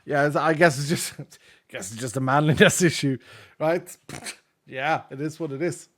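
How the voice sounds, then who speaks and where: A man's voice: a little high, a little slow, fairly bright tone. A man in his late thirties, a streamer chatting casually with viewers and reading their messages, gushing and emotional and laughing often. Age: late 30s.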